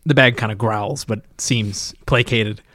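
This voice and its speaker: A man's voice: on the low side, a little slow, bright, forceful tone, dry recording, studio quality. A man narrating as game master in a tabletop game, easygoing and descriptive.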